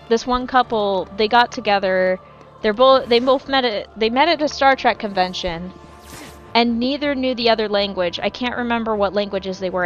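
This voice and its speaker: Woman streamer with a highish voice, loose, rambly chat full of swearing, faint music under her. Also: dull audio. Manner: rambling, swears freely, self-correcting. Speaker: game streamer. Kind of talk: casual live-stream chat while gaming.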